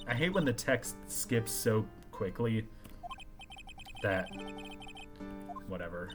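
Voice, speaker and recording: A man's voice: on the low side, animated, slow, long pauses. Joking man over game music. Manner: joking asides, trailing off. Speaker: game streamer. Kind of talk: casual let's-play commentary.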